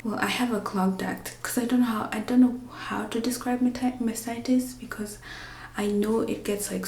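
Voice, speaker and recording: A woman's voice: medium pitch, gravelly, darkish tone, echoey room. A woman vlogging in a rambling, chatty way, often dropping to a whisper so she won't wake a napping baby. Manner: rambling, chatty, with many fillers. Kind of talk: casual vlog.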